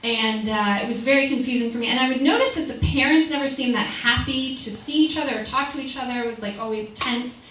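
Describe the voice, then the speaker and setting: Young female comic, high pitched, animated self-deprecating storyteller; boomy distant club recording with audience noise. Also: fast talker, few pauses, heavy reverb. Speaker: stand-up comedian. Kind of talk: stand-up comedy set. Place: small comedy club. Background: audience laughter.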